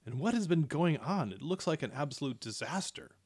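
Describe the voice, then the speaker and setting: A man voicing a calm, aloof male elf ranger who speaks in a measured, formal way. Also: on the high side, husky.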